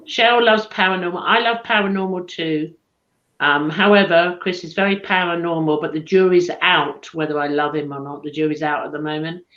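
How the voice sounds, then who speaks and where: A woman's voice: fairly low pitch, steady tone, fairly quick, fairly bright tone. Chatty teasing woman, echoey lo-fi. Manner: chatty, teasing, laughs often. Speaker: co-host. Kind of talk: casual live-stream chat. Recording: echoey room, dull lo-fi stream audio.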